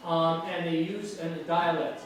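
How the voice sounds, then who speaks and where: Man, american english lecturer, slightly high voice, distant mic, roomy classroom echo. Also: steady tone, moderate pace. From United States. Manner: conversational, asks students questions. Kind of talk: classroom discussion. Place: lecture room. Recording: echoey classroom from far off, faint noise.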